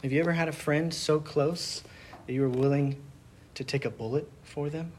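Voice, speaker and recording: A man with a somewhat higher voice leads a small Bible study, talking casually rather than preaching. He asks the group questions and retells scenes in everyday words, with a faint hum of the room behind him. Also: fairly even intonation, moderate pace. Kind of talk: conversational Bible teaching.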